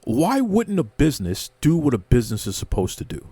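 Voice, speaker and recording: Sarcastic man with a lively swooping pitch. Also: a little fast, husky, no echo. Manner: mock-outraged sarcasm, swooping pitch, repeats words. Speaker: wrestling commentary host. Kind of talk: sarcastic rant to camera.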